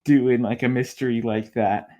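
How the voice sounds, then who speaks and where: A man's voice: medium pitch, steady tone, normal speed, mellow. A man co-hosting a podcast, talking in a rambling casual way full of filler words. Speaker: podcast co-host. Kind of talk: casual chat.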